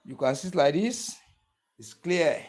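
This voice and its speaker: A man with a slightly raised pitch walks the viewer through a practical demonstration. He repeats each step several times. He keeps asking whether they can see it. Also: expressive, measured pace, a little mellow. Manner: repetitive step-by-step instructions, keeps checking the viewer follows. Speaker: barber tool instructor. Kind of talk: hands-on tutorial demonstration.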